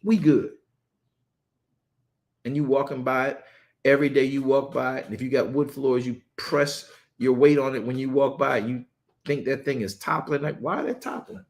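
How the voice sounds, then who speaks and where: Animated preacher, livestream sermon. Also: male voice, medium pitch, normal speed, pauses often, a little hiss or hum. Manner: animated, repeats words, playful asides. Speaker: pastor leading online Sabbath study. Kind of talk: lively sermon and livestream chat.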